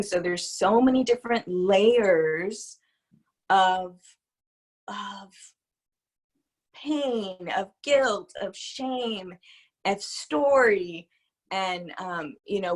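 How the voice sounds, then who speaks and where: Reflective woman speaking with hesitant pauses. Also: mid-range voice. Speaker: podcast guest, spiritual psychologist. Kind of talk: candid interview talk.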